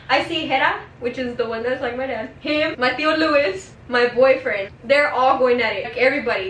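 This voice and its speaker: A young woman telling family stories in casual chat, animated and quick to laugh. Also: sits high, roomy sound, recorded from a distance, a little hiss or hum, poor audio.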